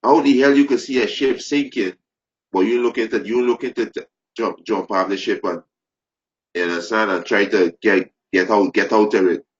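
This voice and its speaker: Low-voiced man preaching fervently, lo-fi. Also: fairly even intonation, moderate pace. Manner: repetitive, stumbling restarts, rising to shouted emphasis. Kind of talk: impassioned preaching. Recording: dull lo-fi recording.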